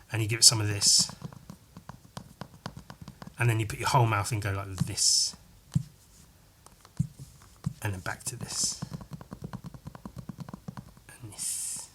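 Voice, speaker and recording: Bright-voiced man rambling comically. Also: mid-range voice, breathy edge. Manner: meandering, self-correcting, crude jokes. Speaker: podcast host. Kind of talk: rambling comedic monologue.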